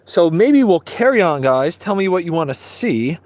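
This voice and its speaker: A man's voice: on the high side, sing-song, a little mellow, dry recording. A man giving a casual, chatty livestream tour outdoors in a small seaside village, talking into a handheld phone. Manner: unhurried, chatty, trailing off between phrases. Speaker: live-streaming travel vlogger.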